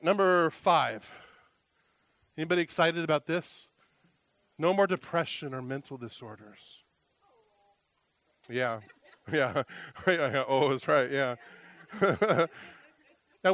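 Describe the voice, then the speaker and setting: A man preaching a sermon as pastor, earnest and emotional, rising to loud exclamations and dropping to hushed, confessional tones. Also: fairly high pitch, no echo.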